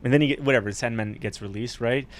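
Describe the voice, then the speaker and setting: Talking fast in a mid-range voice, a male podcast co-host rambles through a show's storyline in a casual way. He frequently laughs and performs the characters' dialogue.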